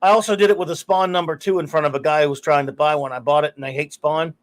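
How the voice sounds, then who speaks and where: A man's voice: a little high, fairly even intonation, quick pace. A middle-aged man hosting a casual live stream, telling rambling stories, cursing freely and laughing often. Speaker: podcast host.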